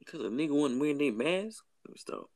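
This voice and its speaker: A man's voice: fairly high pitch, expressive, fairly quick, vocal fry, a little mellow, no room sound, clean studio sound. A man co-hosting a casual podcast, joking with blunt, profane quips. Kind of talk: casual chat.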